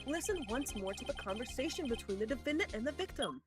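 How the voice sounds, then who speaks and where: A woman's voice: sits high, big pitch swings, fast talker. A woman voicing an earnest young male defense lawyer, delivering dramatic courtroom lines in her own voice. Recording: game music behind.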